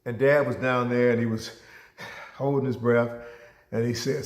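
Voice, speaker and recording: A man from Ohio tells a personal story in a lively storytelling style. His voice sits in a middle range and gets roomy echo around it. He jumps his pitch way up to act out the voices in his story. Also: moderate pace, long pauses. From Ohio, USA. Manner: animated storyteller, acts out dialogue with big pitch jumps. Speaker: motivational speaker.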